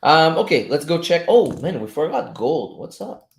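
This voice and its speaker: A man whose first language is French, chatting casually as a trading coach while he reads charts live, loose-tongued and quick to chuckle. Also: on the high side, expressive. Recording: roomy echo.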